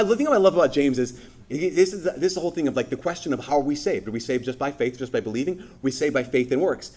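Animated man preaching a playful sermon. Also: a little high, husky. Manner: animated, playful, acts out biblical voices.

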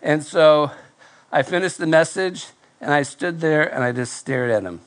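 A male pastor preaching to a live congregation, telling a self-deprecating story in a nasal, fairly monotone voice with halting restarts. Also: on the high side. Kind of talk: sermon with personal story. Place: church before live congregation.

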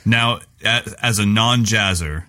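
A man's voice: lowish voice, unhurried, bright, forceful tone. A middle-aged man co-hosting a podcast, joking around and scatting drum patterns aloud. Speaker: podcast co-host. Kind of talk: casual chat.

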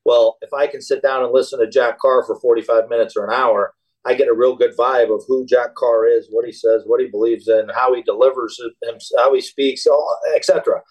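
A man's voice: medium pitch, fairly even intonation, a little fast, a little mellow, breathy edge, low-quality recording. A man, a former special operations soldier, talking casually as a podcast guest, hesitant and repeating words as he thinks. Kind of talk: casual interview chat.

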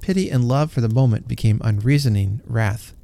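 Narrator for a classic story read aloud: man, mellow warm tone, unhurried and gentle. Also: medium pitch, gravelly.

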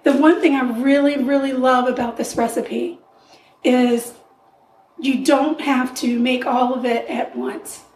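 A woman co-hosting a podcast with a weak, strained voice, calmly explaining a recipe in casual chat. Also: high voice, measured pace, echoey room, recorded from a distance, slight background noise, poor audio. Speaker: podcast co-host.

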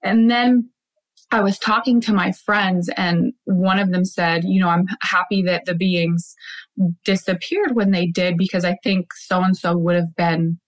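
A woman's voice: lowish voice, little pitch movement, unhurried, low-quality recording. A woman guest in casual conversation, telling a story animatedly with frequent laughs, fillers and restarts.

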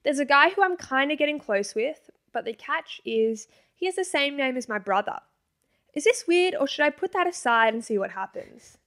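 A young Australian woman in her twenties, chatting casually as a podcast co-host. Her voice sits a little high, and she reads listener messages aloud with a giggly, easygoing manner. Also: animated, normal speed, fairly bright tone. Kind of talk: casual chat.

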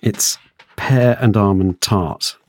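A man's voice: fairly low pitch, takes it slowly, slight background noise. A man hosting a podcast in a studio, chatting casually with hesitant restarts and fillers. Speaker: podcast host.

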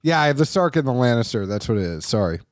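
A man hosts a casual podcast chat, telling stories in a rambling way and correcting himself as he goes. His mid-range voice is sing-song, and he talks fast.

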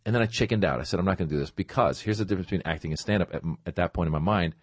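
Low-voiced middle-aged man telling stories. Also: very fast, no echo, studio quality. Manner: lively, acts out his own past thoughts in quotes. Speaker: comedian guest. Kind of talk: casual anecdotal storytelling.

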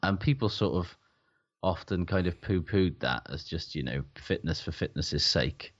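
Deep-voiced sweary rugby pundit. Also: male voice, animated, moderate pace, lo-fi sound. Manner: blunt, sweary, emphatic. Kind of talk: casual sports podcast chat.

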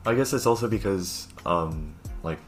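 A man's voice: low-pitched, expressive, moderate pace, soft background music. A young man co-hosting a casual podcast from home over a Zoom call, chatty and laughing with lots of fillers. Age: young adult. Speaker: podcast co-host.

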